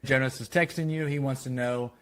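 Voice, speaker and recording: A man's voice: medium pitch, fairly even intonation, fairly quick, fairly bright tone, natural voice. A man voicing a flippant middle-aged husband with an offhand, dismissive way of talking.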